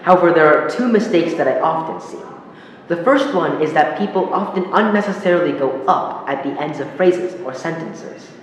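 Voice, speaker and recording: A man with a fairly high voice gives a public speaking lesson, explaining calmly and acting out example sentences. He sounds far back in a big, very echoey hall with a long reverb tail. A faint noise sits under him. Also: normal speed. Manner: explanatory, demonstrates intonation with examples. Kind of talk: instructional talk to camera.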